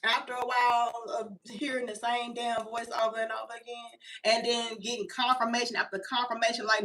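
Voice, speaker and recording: Woman in her thirties, casual profane storytelling, bright voice, slightly distant mic. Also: on the high side, little pitch movement, a little fast, few pauses. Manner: chatty, profane, talks straight to the audience. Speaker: vlogger.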